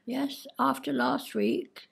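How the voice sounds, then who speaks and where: An older woman reminiscing haltingly about her childhood with her daughter over a cup of tea. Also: high-pitched, level tone. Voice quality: gravelly, husky. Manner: hesitant reminiscing. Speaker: host's mother. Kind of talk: casual reminiscing.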